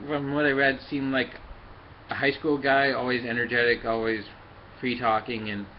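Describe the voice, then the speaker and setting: Speaking at a medium pitch, a man casually reviews and demos a toy, handling it as he walks through each step with plenty of ums and uhs in a halting way. The recording is lo-fi, carrying a little hiss or hum.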